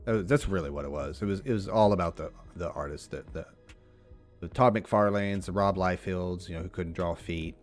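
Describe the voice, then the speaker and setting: A man's voice: sits low, brisk, soft background music. A man co-hosting a podcast in casual chat, blunt, swearing casually and laughing often. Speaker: podcast co-host.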